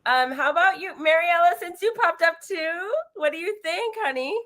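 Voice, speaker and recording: A woman's voice: extremely high pitch, moderate pace, a bit bright. A woman co-presenting at a conference, speaking in an affectionate, conversational way.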